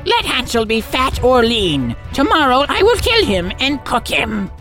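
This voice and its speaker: Man voicing a wicked old witch, shrill falsetto, cruel and mocking, storybook, soft music behind. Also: wildly swooping pitch, a little slow, heavily acted. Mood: commanding.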